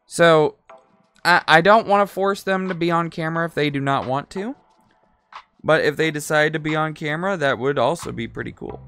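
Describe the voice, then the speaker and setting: A man's voice: on the high side, moderate pace, sharp tone, clear, resonant tone. A man in his twenties chatting casually while building a toy, rambling, talking to himself and swearing freely. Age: 20s. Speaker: streamer.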